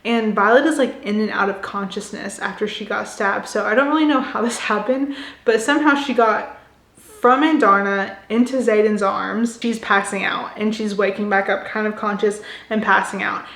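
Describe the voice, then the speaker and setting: A woman's voice: medium pitch, normal speed, vocal fry, fairly bright tone. A young adult woman giving a chatty, casual book recap, full of "like" fillers. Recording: echoey room.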